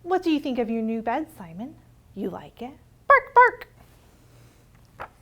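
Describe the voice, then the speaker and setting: A woman children's librarian reading a picture book aloud, expressive and sing-song as she talks to young listeners. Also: fairly high pitch, a little fast.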